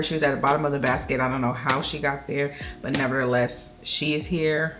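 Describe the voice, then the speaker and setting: Low-voiced woman chatting while counting cash. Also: a little hiss or hum. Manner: chatty, counts money aloud in a slow steady rhythm. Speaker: budgeting vlogger. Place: indoors at home.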